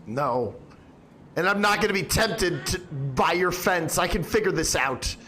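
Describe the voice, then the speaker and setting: A man's voice: high voice, lively intonation, a little slow, crowd noise. A man streaming an improvised comedy skit, nervous and stammering as he talks to his chat.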